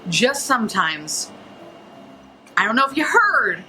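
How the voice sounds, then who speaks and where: A woman's voice: on the high side, sing-song, slow, sharp tone, slight background noise, low-quality recording. A woman hosting a makeup review vlog from home, chatting in a goofy, rambling way and swearing freely. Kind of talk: casual vlog chat. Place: home, early morning.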